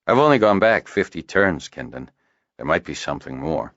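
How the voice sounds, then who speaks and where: A man's voice: rumbling low, very animated, moderate pace, a bit bright, no echo, lo-fi sound, heavily acted. A man voicing a tired, dry healer. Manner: tired, terse, matter-of-fact. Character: weary, dry-humored male healer. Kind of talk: audiobook character voice.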